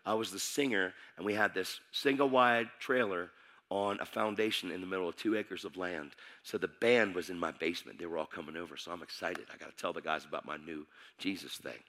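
Bright voiced guy preaching, tells his story super animated, goes quiet then loud. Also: sits low, brisk. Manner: animated, emphatic, acts out voices, swings from hushed to shouting. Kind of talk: sermon testimony storytelling.

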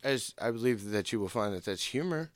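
A man's voice: on the low side, expressive, fairly quick, no echo. A man co-hosting a podcast, joking and asking quizzical questions in casual chat. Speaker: podcast co-host.

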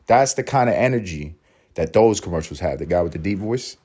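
Podcast host, male, deep register, loose and swearing, riffing at length with laughing asides. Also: animated, a little fast, warm tone, breathy edge. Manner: profane, rambling rant with laughing asides. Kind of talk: casual comedic monologue.

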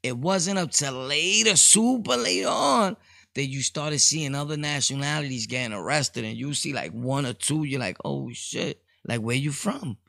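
A man's voice: fairly high pitch, lively intonation, moderate pace, creaky, bright, forceful tone, no echo, clean studio sound. A man hosting a solo podcast, rambling casually with street slang and laughing asides. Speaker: podcast host.

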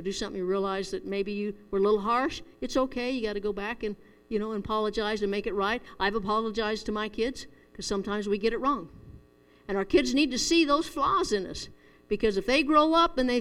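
A middle-aged woman preaches a conversational sermon, earnest and full of stories, chuckling at herself along the way. Her voice is smooth and on the high side, and echoey hall reverb surrounds it.

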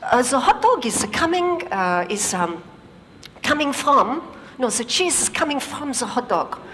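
A woman's voice: sits high, very animated, a bit bright, big-room sound, slight background noise, exaggerated voice. A woman voicing a flustered male engineer who stumbles through broken sentences with many false starts. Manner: hesitant, halting, full of false starts.

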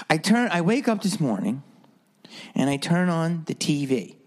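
A man's voice: a little high, big pitch swings, slow pace. A man hosting a solo podcast, rambling through stories with a sarcastic edge. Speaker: podcast host.

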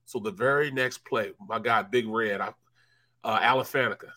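Animated, bright-voiced male sports storyteller. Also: fairly low pitch, moderate pace. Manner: animated storyteller who acts out teammates with loud raised voices and laughter. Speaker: co-host, former football player. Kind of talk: casual sports talk storytelling.

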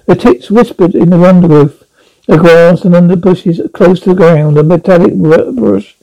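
A man reading a classic animal novel aloud, halting now and then with slips and restarts. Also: high voice, mellow, low-quality recording. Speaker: audiobook reader. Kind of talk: storybook narration.

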